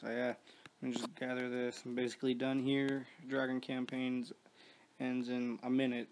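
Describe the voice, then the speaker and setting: A man talking over his strategy game in a loose, meandering way, with a lot of swearing and fillers. His pitch stays level with little rise and fall, and he sits in the middle of the usual male range. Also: completely flat delivery, moderate pace, slight background noise. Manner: rambling, profane, many restarts and fillers. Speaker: mobile strategy game player. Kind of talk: casual gameplay commentary.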